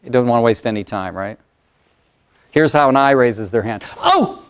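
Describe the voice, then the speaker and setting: A man in his sixties, a motivational speaker and coach, telling stories and acting out voices in a lively workshop talk to an audience. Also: medium pitch, normal speed, smooth. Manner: animated storyteller, acts out client voices.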